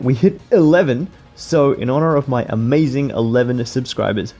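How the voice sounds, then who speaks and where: A man's voice: medium pitch, mellow. A man hosting a casual countdown vlog, chatting with fan enthusiasm. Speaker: YouTuber.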